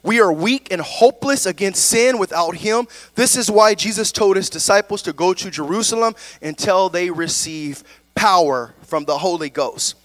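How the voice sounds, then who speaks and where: A man's voice: high voice, moderate pace, a bit bright, dry recording. A man preaching a sermon as pastor, calling out "amen?" and "right?" to the congregation between points.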